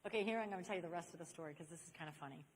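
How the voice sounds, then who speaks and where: A woman's voice: lowish voice, very fast. An older woman giving a personal testimony talk to young people at a church convention. She tells her story animatedly and acts out the people in it. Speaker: speaker at a church youth convention. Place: large convention hall. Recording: long hall reverb.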